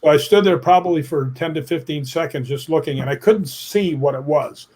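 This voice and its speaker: Fairly high-pitched, fairly quick, and slightly rough, this middle-aged man's voice carries his interview stories. As the guest, he acts out what people said, emphatic and plainspoken, with casual swearing mixed in.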